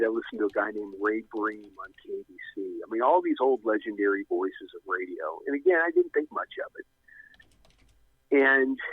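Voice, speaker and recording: A man's voice: fairly low pitch, breathy edge, no echo. A middle-aged man telling a long story as a guest, rambling and restarting often. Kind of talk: casual storytelling. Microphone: phone. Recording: tinny, dry phone line.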